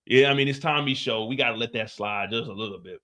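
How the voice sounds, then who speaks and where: A man hosting a live stream, recapping a TV episode in a casual, profane, animated way. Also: mid-range voice, fast.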